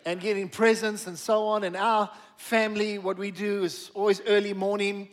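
A man delivers a church sermon in an emphatic preaching style. His voice sits high for a man, and he slows right down to stress key phrases. He keeps calling on the congregation to repeat words after him. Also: flat delivery. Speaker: pastor.

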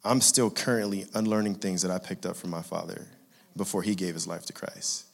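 A man's voice: low-pitched, a little fast, creaky. A man in his thirties from California, telling a personal faith story in an earnest, conversational way. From Inglewood, California. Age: 30s. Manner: earnest, conversational, laughs at his own jokes. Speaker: father sharing a faith testimony.

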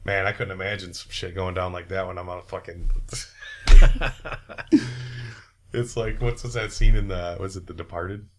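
A man hosting a casual podcast chat, laid-back and profane, who breaks into loud mock voices. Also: sits low, fairly even intonation, moderate pace, pauses often, slight background noise. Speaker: podcast host.

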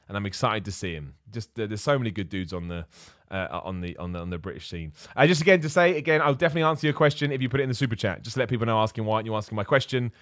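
A young man talks straight into the mic in a dead, dry room, giving his opinions with a casual live-stream looseness. He gets animated and heated when something annoys him. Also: medium pitch, no echo. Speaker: wrestling show host answering viewer questions.

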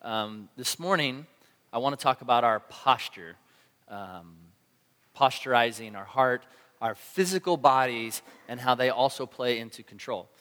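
A man preaching a sermon to a congregation, telling a story with animated energy and acting out his own shouts. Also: mid-range voice, unhurried. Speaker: pastor. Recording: long hall reverb.

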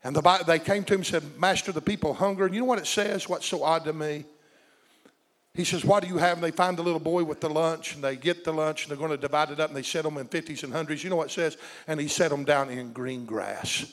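A man's voice: on the high side, fairly even intonation, fast. A man preaching a sermon with passion, calling out to his congregation and drawing responses from them. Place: church sanctuary. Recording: long reverb of a large hall.

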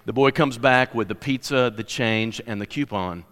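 A man's voice: mid-range voice, normal speed, fairly bright tone. A man preaching a sermon, telling stories and building to emphatic points. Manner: storytelling preacher, rising to emphatic declarations. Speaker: pastor. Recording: long reverb of a large hall.

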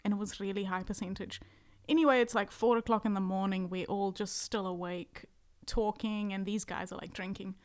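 A woman on a podcast telling an animated story, acting out the people in it. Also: mid-range voice, a little fast. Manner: animated storyteller, acts out voices in quotes. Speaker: podcast guest, musician. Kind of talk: casual chat, storytelling.

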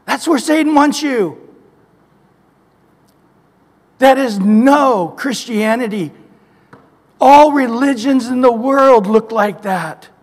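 Male pastor, high pitch, emphatic preaching style, echoey hall with long reverb. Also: takes it slowly, pauses often. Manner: emphatic, repetitive preaching with scripture quotes. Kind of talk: sermon.

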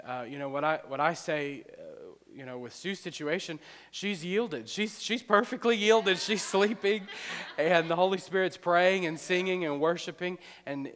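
A man's voice: fairly high pitch, fairly bright tone. A male pastor responding to a testimony with enthusiastic preaching, often repeating words as he goes. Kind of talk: preaching commentary. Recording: long hall reverb.

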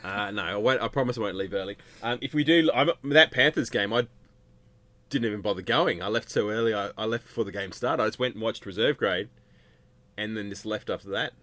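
A man's voice: fairly low pitch, a little fast, fairly bright tone, no echo. A man co-hosting a casual sports podcast, jokey and rambling with frequent restarts. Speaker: podcast co-host. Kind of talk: casual chat.

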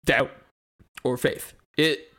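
A man's voice: medium pitch, fairly even intonation, drawn-out words, fairly bright tone. A young man performing a fiery skeptic lecturing a bishop in a dramatic monologue, with impassioned, rhetorical delivery. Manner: impassioned, rhetorical, escalating rants.

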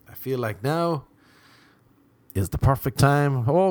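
A man's voice: mid-range voice, unhurried, no room sound. Irish man, sniffly cold, sarcastic rambling storyteller, dry close mic. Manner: rambling, sarcastic, deadpan asides. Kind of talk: comic storytelling.

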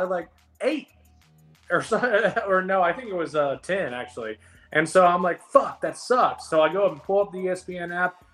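A man co-hosting a sports podcast, telling stories in an animated, profane way. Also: fairly high pitch, echoey room. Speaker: podcast co-host. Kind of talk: casual sports chat.

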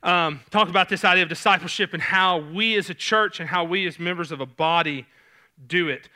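Southern male youth pastor, easygoing sermon delivery, higher-pitched with a crisp bright tone. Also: a little fast. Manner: casual, conversational preaching with many fillers. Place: church sanctuary stage.

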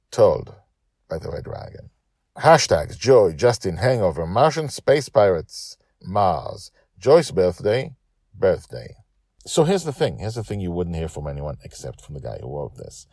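A man's voice: deep voice, a little mellow, dry recording, clean studio sound. A man hosting and narrating his own storytelling podcast in a chatty way, repeating words for emphasis. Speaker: podcast host and author.

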